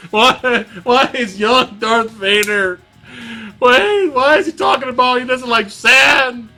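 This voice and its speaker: A man ranting in casual chat as a film reviewer, exasperated and quick to laugh. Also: very high-pitched, pushed and bright, soft background music.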